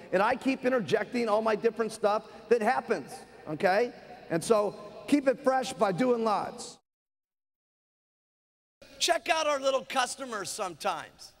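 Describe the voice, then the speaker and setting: A man giving a punchy, energetic motivational seminar talk, checking in with the crowd again and again. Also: high voice, big-room sound. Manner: energetic, punchy, keeps asking "okay?". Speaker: motivational speaker.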